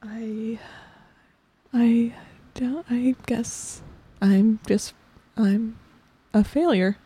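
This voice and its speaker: Woman playing a halting, weary stage guardian. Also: fairly high pitch, steady tone, dark tone, husky, full character voice. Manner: halting and hesitant, full of ums, drops to a whisper. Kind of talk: improvised comedy interview character.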